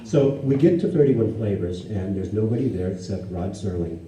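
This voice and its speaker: A man in his sixties from the United States tells anecdotes to a live audience as a guest speaker, acting out the dialogue in animated voices. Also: on the low side, moderate pace, a crowd in the background. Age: 60s. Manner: animated, acts out quoted dialogue in raised voices. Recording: echoey hall, distant mic, faint ambience.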